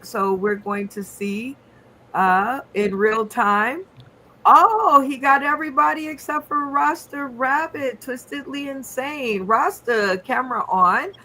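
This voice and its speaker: A woman's voice: high-pitched, slow, pushed and bright. A woman hosting an online comedy game show, upbeat, giving the players instructions with plenty of fillers.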